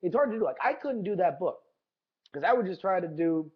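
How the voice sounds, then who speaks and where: A man's voice: on the high side, animated, fairly quick, husky. A man hosting a podcast in a casual monologue, enthusiastic and profane, often repeating his words. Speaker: podcast host. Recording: dull lo-fi recording.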